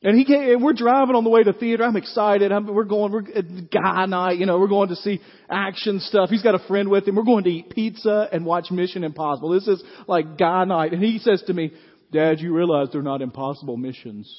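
A man's voice: high voice, fairly even intonation, brisk, few pauses, in a large hall, highs cut off. A middle-aged man, preaching a folksy sermon to his congregation and checking in with them often with "right?". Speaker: pastor. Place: church sanctuary.

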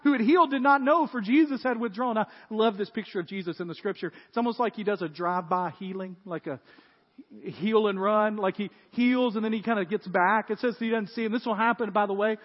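High-voiced pastor in a hall. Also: male voice, brisk. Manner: storytelling, animated when retelling a scene. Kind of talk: sermon. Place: church. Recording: dull, echoey church hall.

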